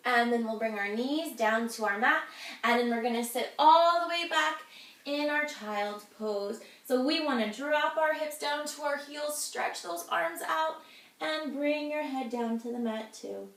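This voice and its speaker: A woman's voice: high-pitched, a little slow, fairly bright tone. A woman guiding a children's yoga class, cheerful and encouraging as she talks the kids through each pose. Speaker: kids' yoga instructor. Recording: echoey room, voice from a distance.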